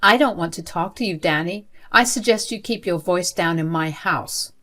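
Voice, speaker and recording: Woman voicing an older grandmother, cold, contemptuous, dismissive, lowish pitch. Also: normal speed, a bit bright, lightly acted. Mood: scornful. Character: cold, scornful older grandmother, school principal.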